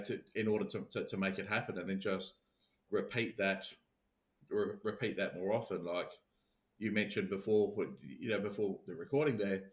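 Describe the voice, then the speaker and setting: A man's voice: fairly low pitch, fairly bright tone. A man, a podcast guest and sales business founder, telling stories in casual conversation and repeating words as he restarts. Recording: dull, roomy remote recording.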